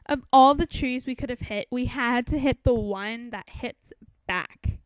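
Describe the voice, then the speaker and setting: A woman's voice: a little high, measured pace, dry recording, natural voice. A woman reading out the lines of a cheeky teenage schoolboy in an offhand tone.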